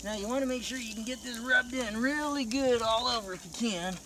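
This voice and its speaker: A man's voice: very high voice, brisk, noisy background. Joking man narrating a dog wash. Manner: joking, rambling, talks to viewers. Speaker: dog owner demonstrating. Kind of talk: casual how-to commentary. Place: outdoors at night, washing a dog with a hose. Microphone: phone camera held by another person. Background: running water.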